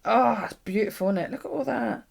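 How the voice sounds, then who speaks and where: A woman's voice: mid-range voice, quick pace, vocal fry, a little mellow, slightly rough. A British woman hosting a live stream from her craft desk at home, rambling casually with viewers and swearing freely. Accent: British English. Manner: chatty, swears casually, frequent ums and laughs.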